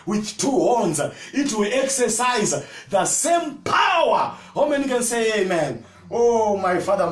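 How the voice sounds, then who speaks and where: A male pastor preaching a fervent sermon, often shouting and calling out to the congregation for replies. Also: high-pitched. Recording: echoey room, from far off.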